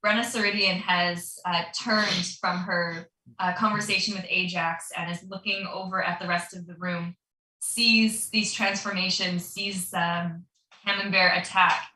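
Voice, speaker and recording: A woman's voice: lowish voice, fairly even intonation, a little slow, sharp tone, roomy sound, distant mic, poor audio. A woman running a tabletop game as dungeon master, narrating the action loosely with plenty of fillers.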